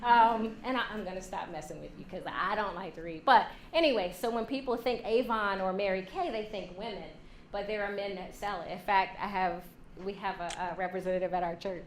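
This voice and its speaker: A woman giving a lively workshop talk to a women's leadership class, joking and acting out quoted voices. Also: mid-range voice, a little fast. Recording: echoey room, faint hum.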